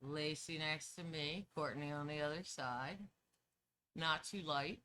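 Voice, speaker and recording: A woman chatting as a podcast guest, telling lively personal stories and laughing easily. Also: deep voice, measured pace, a little hiss or hum. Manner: animated storyteller, laughs easily. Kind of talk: casual storytelling chat.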